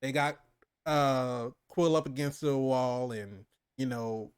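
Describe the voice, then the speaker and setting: A man co-hosting a casual movie review, retelling scenes with animated quoted lines and frequent laughter. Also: takes it slowly, smooth. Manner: animated storyteller, acts out quotes in higher voices with laughs. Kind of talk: casual chat recapping a film.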